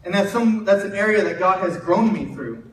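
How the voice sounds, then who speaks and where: A young man gives a relaxed sermon and tells stories as he goes, often stopping to restart a phrase. His voice sits high. The mic is some way off in a reverberant hall with faint room noise. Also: normal speed. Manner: conversational, self-interrupting, animated storyteller. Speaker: preacher and high school football coach. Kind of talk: sermon with storytelling. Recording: roomy distant mic in a hall.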